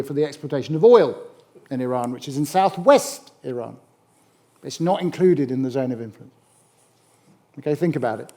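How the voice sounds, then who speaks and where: A middle-aged man giving a public history lecture, animated and emphatic, with wry asides. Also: a little high. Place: lecture hall.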